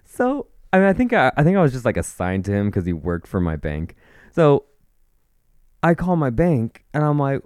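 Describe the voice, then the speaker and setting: A man co-hosting a podcast, telling a story in casual chat, animated and swearing as he quotes people. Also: medium pitch, brisk, no room sound, studio quality. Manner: animated, swearing, quoting others. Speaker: podcast co-host.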